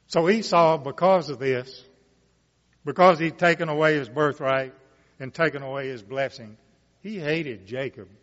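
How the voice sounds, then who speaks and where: Slow, deliberate preacher reading scripture. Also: male voice, a little high, a bit bright. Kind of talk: Bible reading with commentary. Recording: muffled sound with long reverb.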